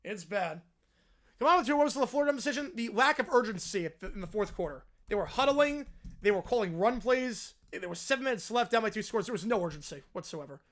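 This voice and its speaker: A young man streaming live play-by-play and reaction, yelling at the game on screen and chatting with viewers in between. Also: high-pitched, fast talker. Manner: excitable, yells at the screen, then chats with viewers.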